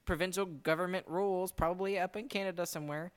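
A man's voice: high-pitched, fairly even intonation, quick pace, smooth. Rambling, exasperated male podcast host. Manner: rambling, exasperated, laughs often. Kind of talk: casual chat.

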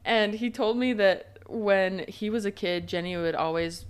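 A young woman co-hosting a casual chat podcast, telling family stories in an animated way with plenty of fillers. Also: medium pitch, smooth. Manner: animated storytelling, quick laughs, filler-heavy. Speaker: podcast co-host.

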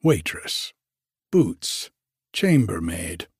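A man narrating an audiobook in a measured, even way. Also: low-pitched, breathy edge, no room sound, clean studio sound.

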